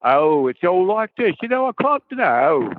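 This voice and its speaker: A man's voice: sits high, big pitch swings, moderate pace, dry recording, phone-quality sound, voice pushed up. A man imitating a Cockney-voiced ship computer. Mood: mocking. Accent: Cockney, put on. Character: male ship computer read in a broad Cockney accent.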